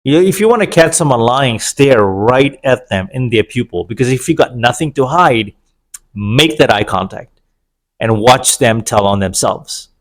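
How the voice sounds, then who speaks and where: A man's voice: medium pitch, animated, normal speed. A middle-aged man giving an opinionated, sarcastic monologue about dating, wandering into digressions. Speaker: vlogger. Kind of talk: casual monologue to camera.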